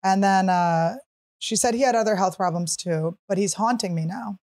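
A woman in her thirties tells a funny story on her podcast in a loose, chatty way. Her pitch sits at an ordinary middle height. She slips in and out of other people's voices as she quotes them. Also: moderate pace. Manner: animated, acts out others' quotes, shrieks while teasing. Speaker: podcast host. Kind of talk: casual comedic storytelling.

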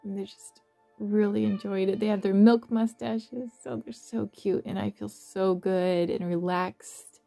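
A woman narrating a guided visualization in a soft, slow, affectionate way, with gentle laughs. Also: medium pitch, steady tone, gravelly, soft background music. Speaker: meditation guide.

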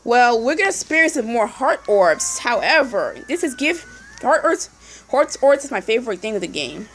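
Young woman, high voice that jumps all over, excitable casual game commentary, faint music underneath. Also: moderate pace, low-quality recording. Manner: excitable, yelling at the game, repeating no. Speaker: gameplay commentator.

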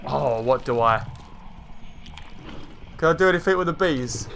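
A man giving casual let's-play commentary, excitable, swearing a lot and chatting to the game's creatures. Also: mid-range voice, a little slow, creaky, slight background noise. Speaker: gaming channel host.

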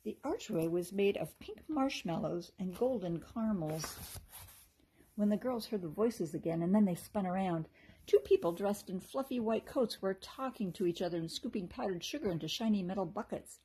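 A woman teacher reading a children's chapter book aloud with expressive, animated narration. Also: mid-range voice, normal speed, slight background noise. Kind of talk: storybook read-aloud.

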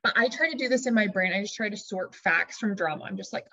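A woman coaching her listeners, whose talk is lively and chatty and who slips into dramatic inner voices to make her point. Her voice sits at a middle pitch. The recording is a little dull and lo-fi. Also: fast talker, few pauses. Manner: lively, shifts into dramatic inner voices when acting out examples. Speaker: life coach. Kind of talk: teaching talk to an audience.

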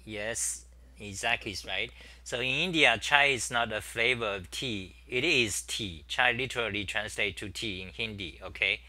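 A man's voice: on the low side, moderate pace, bright, forceful tone, no echo. A middle-aged man hosting a casual live-stream chat, rambling and thinking aloud with many fillers while he types at his desk. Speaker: talk show host.

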